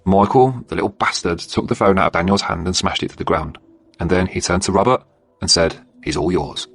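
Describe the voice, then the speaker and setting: A man's voice: low-pitched, fairly quick, fairly bright tone, slightly rough, no room sound. A man narrating a true crime story bluntly, swearing and adding indignant asides.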